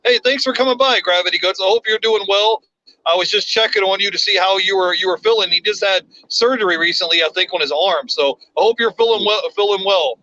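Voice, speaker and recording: Livestream host, male, high bright voice, rambling and chatty, dull lo-fi stream sound. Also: fairly quick. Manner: rambling, restarts often, reads viewer comments aloud. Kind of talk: casual live chat.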